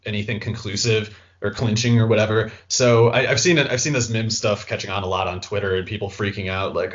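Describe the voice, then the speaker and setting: A man giving casual sports analysis on a podcast, animated and quick, sometimes mocking other people's voices. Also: fairly low pitch, highs cut off. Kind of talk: casual fantasy football analysis.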